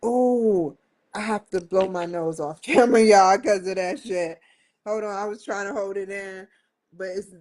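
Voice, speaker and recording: A woman with a slightly mellow, lowish voice hosts a casual vlog. She chats directly to the camera and her viewers, laughing often as she goes.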